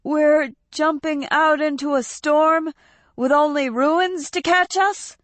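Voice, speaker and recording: A woman's voice: high-pitched, sing-song, takes it slowly, a bit bright, no room sound, pitched above the performer's own voice, exaggerated voice. A woman narrator voicing a frightened teenage boy who cries out in panic. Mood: panicked.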